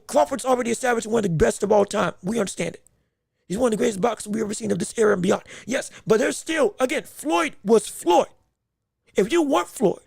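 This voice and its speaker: A man's voice: very high voice, gravelly, breathy edge, dry recording, studio quality. A man hosting a boxing podcast, making his points emphatically and repeating himself with frequent restarts. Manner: emphatic, repetitive, stumbling restarts. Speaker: podcast host.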